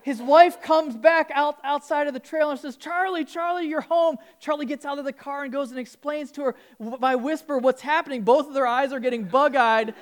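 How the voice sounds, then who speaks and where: A woman preaching a casual, conversational sermon in a church, often restarting words and growing animated as she tells a story. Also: sits high, fairly quick, hardly any pauses.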